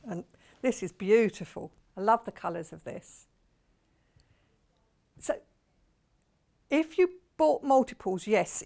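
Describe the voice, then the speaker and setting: Chatty, gravelly woman selling fabric. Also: mid-range voice. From United Kingdom. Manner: chatty and enthusiastic, lots of gushing praise. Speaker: shopping channel presenter. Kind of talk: live TV sales presentation.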